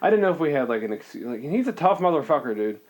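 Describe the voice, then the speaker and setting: A man's voice: a little high, sing-song, fast talker. A young man co-hosting a comedy podcast, joking around, swearing and laughing a lot. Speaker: podcast co-host. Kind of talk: casual comedic banter.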